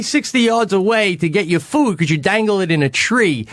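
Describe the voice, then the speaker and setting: A man's voice: sits high, moderate pace, few pauses. A man telling a long camping story in casual, profane talk on a radio show, acting out the people in it. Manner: animated, profane anecdote telling with quoted voices.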